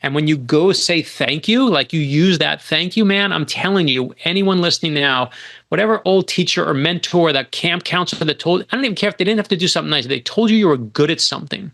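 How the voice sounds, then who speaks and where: Brisk and gravelly with a voice on the high side, a middle-aged guest author from New York spins a story on a podcast. His telling is animated and emphatic, with frequent sentence restarts.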